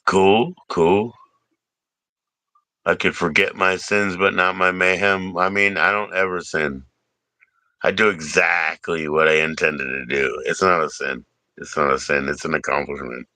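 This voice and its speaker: A man's voice: low voice, steady tone, measured pace, sharp tone, no echo. A man hosting a livestream in casual chat, joking, teasing and swearing freely. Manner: joking, profane, teasing banter. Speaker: livestream host.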